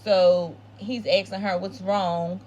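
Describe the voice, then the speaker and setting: A woman's voice: medium pitch, flat delivery, slow, a little mellow, highs cut off, slight background noise. Chatty opinionated woman recapping a show. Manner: opinionated, repeats phrases for emphasis. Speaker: TV episode recap host. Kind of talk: casual recap chat.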